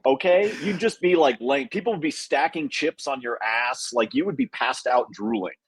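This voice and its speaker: A man's voice: medium pitch, lively intonation, normal speed, a little hiss or hum. A man co-hosting a sports betting podcast, teasing and laughing in casual banter. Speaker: podcast co-host.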